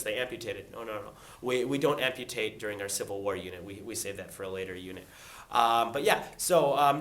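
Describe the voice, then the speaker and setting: A young male teacher giving a casual, jokey test review, lively and fond of acting out quick voices. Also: mid-range voice.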